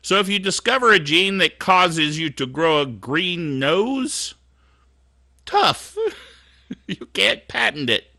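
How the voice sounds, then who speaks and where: A man's voice: high voice, very animated, slow, creaky, pushed and bright, no echo, studio quality. A middle-aged man hosting a tech show, talking in a casual, digressive, self-mocking monologue.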